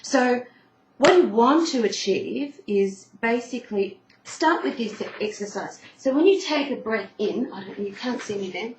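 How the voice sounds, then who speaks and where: A woman's voice: a little high, lively intonation, unhurried, highs cut off. A woman giving a singing lesson on camera, explaining breathing patiently and showing the sounds herself. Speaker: singing teacher. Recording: echoey room with faint noise.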